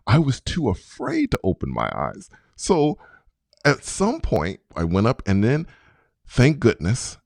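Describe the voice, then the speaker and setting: A man in his fifties, a podcast guest telling a personal story in an animated way and acting out his own past reactions. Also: mid-range voice, measured pace, creaky, dry recording, clean studio sound. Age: 50s.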